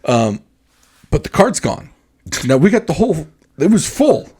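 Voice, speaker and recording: A man's voice: on the high side, a little slow, a little hiss or hum. A man co-hosting a podcast, telling a story in casual chat and acting out the quoted voices of others. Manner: animated, acts out quoted dialogue. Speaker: podcast co-host.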